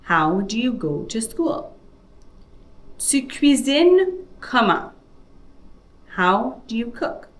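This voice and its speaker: A woman teaching a beginner French lesson, reading example questions and repeating them slowly for learners. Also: on the high side, big pitch swings. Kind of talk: slow, deliberate language lesson.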